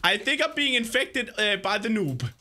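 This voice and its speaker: A young man hosting a gaming video, patiently coaching a player through a course, excitable and laughing often. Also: high-pitched, moderate pace. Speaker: gaming host.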